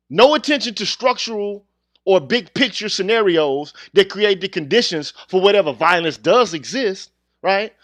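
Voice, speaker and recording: Heated high-voiced man ranting. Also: a bit bright, no room sound. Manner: blunt, street slang, heated and confrontational. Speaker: channel host. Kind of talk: casual monologue to viewers.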